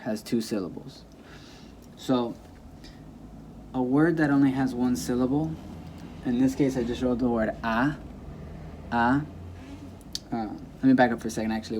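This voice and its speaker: A young man teaches Spanish informally, shifting the stress on repeated example words and correcting himself as he continues. His voice is mid-range and mellow, recorded through a camera mic instead of a clip mic, with slight hiss or hum.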